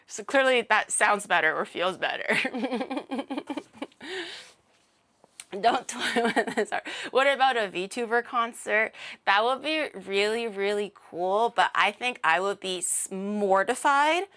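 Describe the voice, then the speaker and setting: A woman's voice: medium pitch, expressive, slow, sharp tone. A woman VTuber chatting casually on stream, rambling and joking, with a blunt, sarcastic, self-mocking manner.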